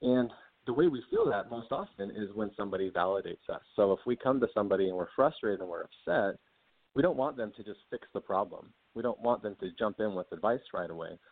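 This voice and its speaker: A man's voice: lowish voice, animated, dry recording. A man, an author, explaining his ideas as an interview guest in an earnest way and laughing easily. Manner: earnest, quick to laugh, acts out example dialogue. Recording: dry, tinny phone-like line.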